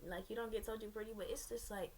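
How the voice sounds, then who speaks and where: A woman's voice: mid-range voice, steady tone, quick pace, darkish tone, slight background noise. A young woman telling a personal story to her viewers in a candid, rambling way, with sassy asides. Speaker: vlogger.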